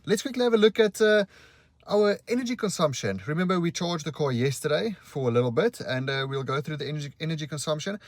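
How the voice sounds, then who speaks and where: This car reviewer's voice is a little high and animated, and he talks fast on a dry recording. Moving between the outdoors and the car's interior, he casually walks viewers through it in a vlog, thinking aloud as he goes.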